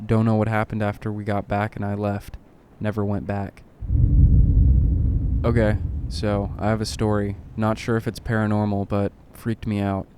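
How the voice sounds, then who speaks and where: A man narrating horror stories in a deadpan way, with occasional dry asides. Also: lowish voice, moderate pace, slight background noise. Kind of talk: reading horror stories aloud.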